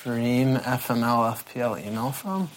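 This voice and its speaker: A man co-hosting a casual podcast in a deadpan, sweary way. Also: medium pitch, measured pace. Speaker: podcast co-host. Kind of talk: casual chat.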